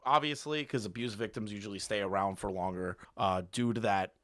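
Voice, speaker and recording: A man's voice: fairly low pitch, a little fast, a bit bright, dry recording. A man giving casual reaction commentary, blunt and disbelieving.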